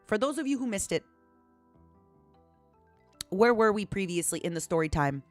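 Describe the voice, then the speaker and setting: A woman streamer chatting casually and telling stories in a playful, animated way. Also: mid-range voice, moderate pace, soft background music. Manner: chatty, playful, animated storytelling with put-on quotes. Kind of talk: casual chat and storytelling.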